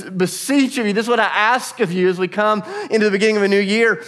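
A man's voice: high-pitched, fast talker, few pauses, fairly bright tone. Earnest male pastor preaching. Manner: earnest, conversational, laughs often. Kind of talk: sermon.

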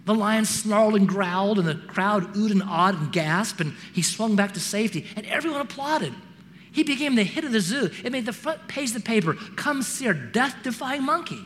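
A preacher delivers a sermon full of stories, animatedly acting out the voices of the people in them. His voice sits high and moves fairly quickly. A long reverb tail follows his words, along with a little hiss or hum.

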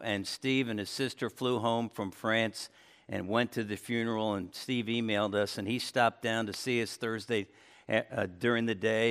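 A man preaching a sermon as pastor to his church, speaking conversationally, then rising in pitch and volume for emphasis. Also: clean tone. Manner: conversational preaching, lively swings in pitch and loudness. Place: church sanctuary.

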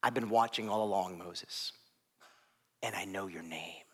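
A man voicing God, speaking low and hushed in an intimate way to a man in a preached story. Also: measured pace, slightly rough, full character voice. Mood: tender, hushed.

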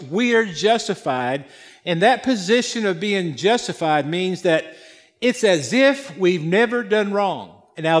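A man's voice: high voice, long reverb tail. A man preaching a sermon, retelling a parable with emphatic, repetitive phrasing. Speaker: pastor.

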